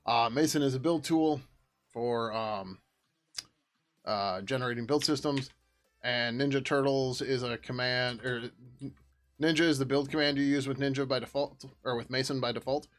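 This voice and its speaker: Working at his desk during a casual coding livestream, a middle-aged developer rambles along, swears occasionally, and hums to himself. He speaks at normal speed in a steady, mid-range voice.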